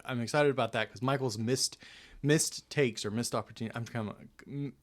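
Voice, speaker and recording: A young man hosts a relaxed podcast chat at a middling pitch, rambling through his thoughts with plenty of restarts. He pokes fun at himself and breaks into laughter now and then. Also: fairly quick. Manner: rambling, self-deprecating, laughs often. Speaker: podcast host. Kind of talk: casual chat.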